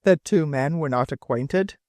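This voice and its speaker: A stern ship captain who demands answers in a tone of command, read by a man in an audiobook. His voice is slightly high and sits in a dry, close recording. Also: a little slow, darkish tone, dry recording, natural voice.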